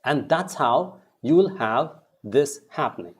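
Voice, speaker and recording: A man teaching English pronunciation, saying each word slowly and repeating it for practice. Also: mid-range voice, lively intonation, breathy edge. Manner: slow, drawn-out, repeating words for practice. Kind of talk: pronunciation lesson.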